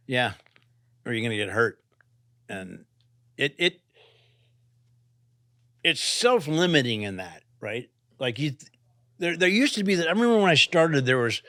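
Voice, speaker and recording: A man's voice: medium pitch, expressive, moderate pace, pauses often, sharp tone, no echo, clean studio sound. An older man, a climber and author, talking casually in an interview, rambling with restarts and asking "right?" a lot. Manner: rambling, restarts, frequent "right?" and "you know".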